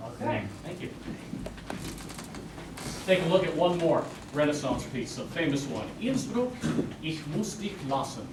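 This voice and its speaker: A man's voice: a little high, big pitch swings, measured pace, pauses often. A man giving a lecture recital, explaining music to an audience and counting beats aloud. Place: recital hall. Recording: echoey hall from far off, noisy.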